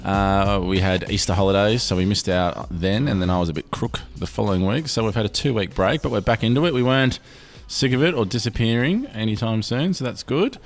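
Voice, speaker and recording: A man's voice: fairly low pitch, brisk, hardly any pauses. Chatty man hosting a podcast. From Australia. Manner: chatty, loose, restarts often. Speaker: podcast host. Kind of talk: casual podcast chat.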